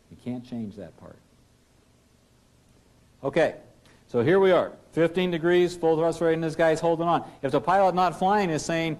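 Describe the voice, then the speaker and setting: Man, flight instructor, classroom lecture, emphatic, rhetorical questions, fairly high voice. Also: darkish tone. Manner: emphatic, rhetorical questions, drops low for key points.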